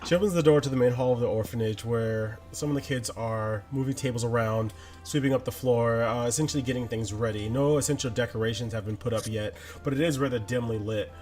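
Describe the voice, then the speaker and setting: A man narrating a tabletop role-playing game as game master, relaxed, with fillers and chuckles. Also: medium pitch, quick pace, faint music behind.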